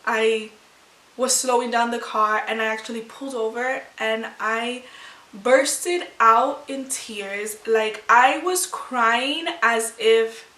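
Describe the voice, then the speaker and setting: Bright-voiced young woman vlogger, echoey room. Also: on the high side, slow pace. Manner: rambling, emotional retelling with many restarts. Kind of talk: casual storytelling to camera. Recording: echoey room, far from mic.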